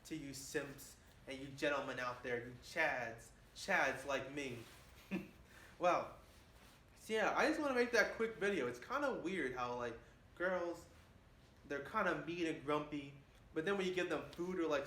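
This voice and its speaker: A man's voice: fairly high pitch, moderate pace, bright, forceful tone. A man in his twenties rambling boastfully in a casual monologue, often saying "man". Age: 20s. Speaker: vlogger. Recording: echoey room with faint hiss.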